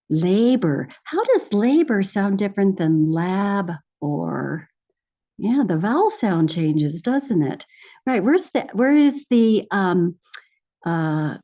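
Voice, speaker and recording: Woman teaching a webinar, upbeat, keeps saying "right?", warm mellow voice, kinda muffled lo-fi audio. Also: mid-range voice. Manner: enthusiastic, checks in with frequent "right?". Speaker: literacy educator presenting a webinar. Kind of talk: teacher-style presentation.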